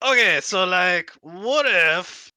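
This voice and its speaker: A man's voice: sits high, expressive, takes it slowly, pushed and bright, clear, resonant tone, dry recording, clean studio sound, voice pushed up, exaggerated voice. A man voicing a small scheming male kobold with a French accent, eagerly bargaining. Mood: wheedling.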